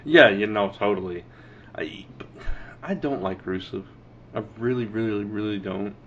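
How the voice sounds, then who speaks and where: A young man from Texas co-hosting a wrestling podcast, chatting casually with a relaxed, easy laugh. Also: fairly low pitch, a little slow, lo-fi sound. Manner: relaxed, laughs easily, hedging restarts. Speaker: podcast co-host.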